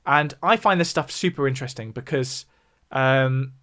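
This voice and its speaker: A man's voice: medium pitch, moderate pace, pushed and bright. A man from the south of England with a southern English accent, chatting casually on a livestream, explaining things and responding to viewer chat. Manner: explanatory, reacts to viewer chat between points. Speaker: music YouTuber hosting a livestream.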